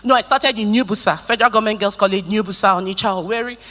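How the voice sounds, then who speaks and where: A woman's voice: medium pitch, racing. A middle-aged Nigerian woman giving a keynote talk, telling stories and joking with the audience. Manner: lively storytelling, joking with the audience. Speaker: conference speaker. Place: conference hall. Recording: reverberant conference hall.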